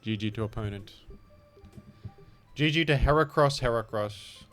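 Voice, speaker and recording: Faint music runs behind this mid-range male voice, which keeps a normal speed. He's an Australian gaming streamer whose loose, self-deprecating commentary tends to drift into mumbled asides.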